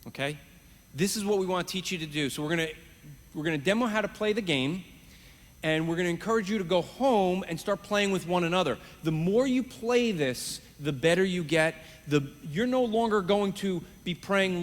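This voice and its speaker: Man, high register, energetic live-demo teacher; reverberant hall sound. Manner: animated, talks fast with quick restarts. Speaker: evangelism trainer. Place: conference stage.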